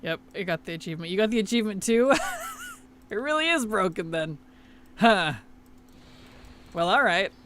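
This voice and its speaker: A man's voice: sits high, animated, normal speed, pauses often, sharp tone, slight background noise. Offhand, mumbling male game streamer. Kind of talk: casual gaming chat.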